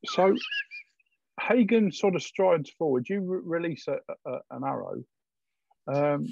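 A man running a tabletop game as game master, narrating scenes in a halting way with many fillers. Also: on the high side, expressive, gravelly, background noise. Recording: dull lo-fi dry sound.

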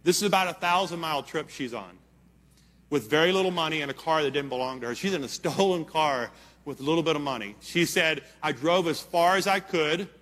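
A man's voice: fairly high pitch, a little fast, a bit bright. A man preaching a sermon, telling a story in an earnest, emphatic way and checking in with his listeners. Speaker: pastor. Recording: long hall reverb.

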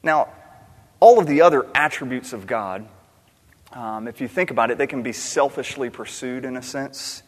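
A man's voice: mid-range voice, moderate pace. Earnest guy preaching, asks questions, repeats words for emphasis, long hall echo. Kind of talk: sermon. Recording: long reverb of a large hall.

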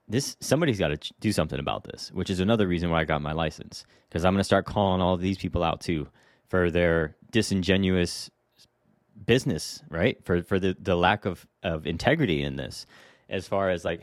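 A man hosting a solo podcast as a real estate agent, talking casually in a blunt, animated way with lots of rhetorical questions. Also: deep voice, a little fast, dry recording, studio quality. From Hawaii.

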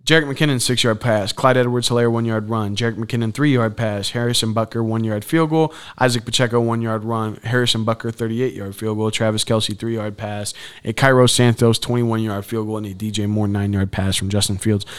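A man's voice: fairly low pitch, fairly even intonation, fairly quick, few pauses, clean tone. A young man hosting a solo sports podcast from a campus podcast booth, chatting casually with slangy asides and frustrated rants. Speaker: podcast host.

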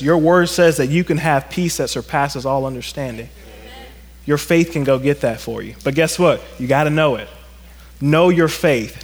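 A male pastor preaching a sermon to a congregation, animated and acting out stories in quoted voices. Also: fairly high pitch. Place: church sanctuary. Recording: long reverb of a church hall.

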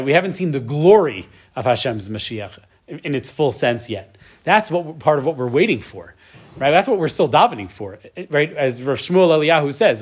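A man with a husky, medium-pitched voice teaches a Torah class in a conversational lecture style. He tags many of his points with "right?" to check in and builds up to moments of emotional emphasis.

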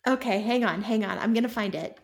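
A woman's voice: medium pitch, fairly quick. A woman co-hosting a podcast in casual chat, dry and teasing. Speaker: podcast co-host.

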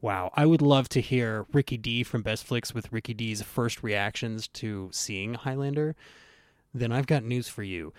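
A man hosting a podcast in casual chat, rambling and interrupting himself with lively asides. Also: mid-range voice, no room sound, clean studio sound. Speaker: podcast host.

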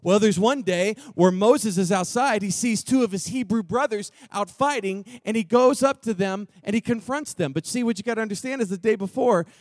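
A man's voice: high voice, normal speed, hardly any pauses, dry recording, clean studio sound. A man from Texas preaching a sermon, telling a story in a loose, slangy way with offhand asides. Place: church gathering room.

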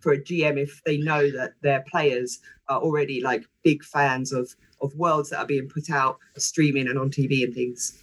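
A man's voice: mid-range voice, steady tone, normal speed, fairly bright tone. A man on a discussion panel, thinking aloud in a hesitant, thoughtful way with many fillers.

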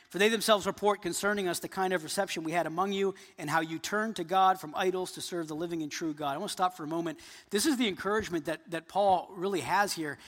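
A man in his thirties preaching a sermon, earnest, building to emphatic points and then dropping soft. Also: sits high, long reverb tail. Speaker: pastor.

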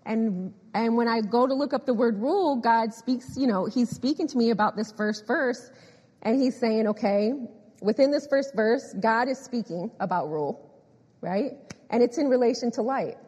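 A woman preaching a sermon, animated and emphatic, repeating phrases and often laughing. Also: fairly high pitch, moderate pace, slightly rough. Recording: echoey hall with long reverb.

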